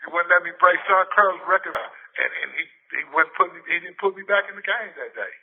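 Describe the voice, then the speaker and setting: Husky high-voiced man on a tinny line. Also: fairly quick. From Texas. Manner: animated storyteller, repeats and restarts words. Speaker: interview guest, former football player. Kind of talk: casual storytelling interview. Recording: tinny phone-like lo-fi audio.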